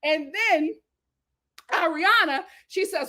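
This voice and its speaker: A woman's voice: high-pitched, unhurried. A woman hosting her own channel, telling a reality-show recap with sassy slang, dramatic flair and lots of laughter. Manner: dramatic, animated storytelling with frequent laughter; playful slang and sass. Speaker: YouTube show host.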